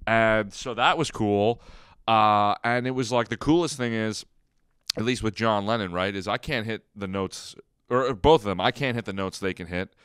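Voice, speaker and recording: A man's voice: lowish voice, normal speed, a bit bright, clear, resonant tone, dry recording, clean studio sound. A young adult man, a comedian, talking in a casual rambling vlog monologue full of fillers and self-doubt.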